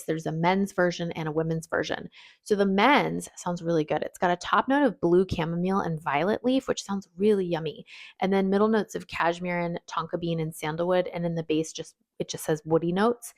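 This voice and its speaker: A woman fragrance reviewer chatting casually as she lists perfume notes, chatty and self-deprecating. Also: lowish voice. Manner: chatty, rattles off lists, laughs at own French.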